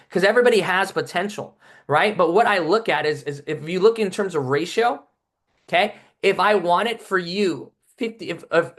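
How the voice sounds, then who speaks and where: A man giving a motivational training talk to his sales team, energetic and tagging his points with "right?". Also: on the high side.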